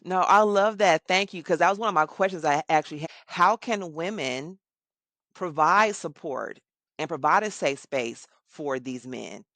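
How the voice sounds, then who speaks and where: A woman hosting an interview, speaking in an affirming, animated, conversational way about her mental health work. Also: low voice, moderate pace, no echo. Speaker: host, mental health worker.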